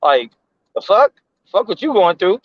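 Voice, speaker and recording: A man in his thirties co-hosting a casual show, telling a story in animated, slangy speech with lots of swearing. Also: high-pitched, measured pace, no room sound, lo-fi sound. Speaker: podcast co-host.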